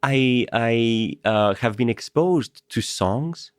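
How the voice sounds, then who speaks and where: A middle-aged Greek professor, guesting on a conversational podcast interview, tells stories animatedly, laughing often and repeating words as he gets going. His mid-range voice is smooth and unhurried, with studio-quality sound and no echo.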